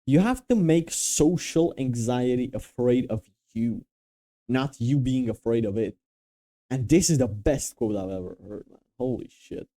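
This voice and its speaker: A man's voice: mid-range voice, lively intonation, measured pace, dark tone. A young man from Romania giving casual, blunt, profane advice with emphatic restarts. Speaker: dating and confidence coach.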